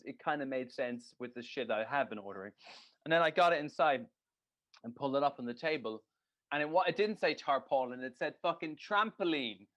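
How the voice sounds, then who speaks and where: A man's voice: on the high side, a bit bright. A man co-hosting a casual podcast chat, telling stories in a ranting, sweary way and laughing at himself. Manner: ranting, sweary, laughing at his own story. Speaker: podcast co-host. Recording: dull lo-fi podcast audio.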